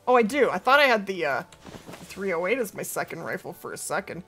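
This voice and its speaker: A woman's voice: mid-range voice, very animated, fairly quick, fairly bright tone, breathy edge, soft background music. A woman chatting casually with her viewers while streaming a game from home, talking to her cat and laughing easily. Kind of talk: casual live-stream chat over gameplay.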